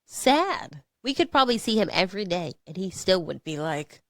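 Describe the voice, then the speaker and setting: On a podcast she co-hosts, a woman speaks in a lowish, sing-song voice at normal speed, candid and expressive, often laughing her way through difficult topics. The recording is studio quality with no room sound.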